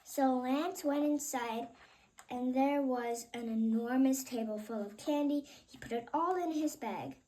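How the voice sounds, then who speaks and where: High-voiced woman reading a storybook aloud. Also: measured pace, mellow, low-quality recording. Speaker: reader. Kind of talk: children's storybook read-aloud.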